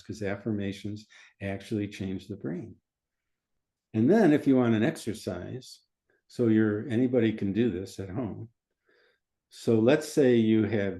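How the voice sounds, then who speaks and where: Physician guest, low mellow voice, steady and methodical. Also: male voice. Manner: calm, methodical, repeats phrases. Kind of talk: explaining in an interview.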